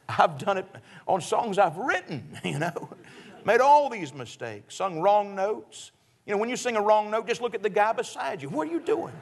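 A man's voice: high-pitched, a bit bright. A man preaching a sermon in a church service, folksy and joking, often chuckling as he talks.

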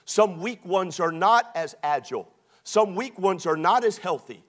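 A man preaching a sermon as a pastor, animated and mocking, often breaking into quoted put-on voices. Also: high voice, unhurried.

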